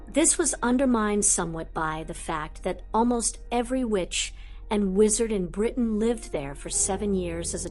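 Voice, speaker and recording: A woman reading a fan-written audiobook as narrator, in a steady scripted narration. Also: mid-range voice.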